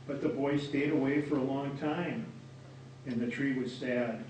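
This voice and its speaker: A man narrating a children's story aloud at a reading, in a steady, measured way. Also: medium pitch, slight background noise. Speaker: reader. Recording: echoey room from far off.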